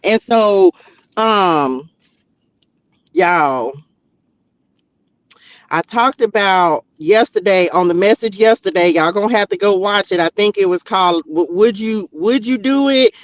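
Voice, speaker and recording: A man's voice: high-pitched, a little slow, pauses often, no echo. A man giving a casual, exclamatory spiritual tarot message, talking straight to his viewers. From Texas, US. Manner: exclamatory, chatty, talks straight to viewers as "y'all" and "child". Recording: dull, slightly lo-fi audio.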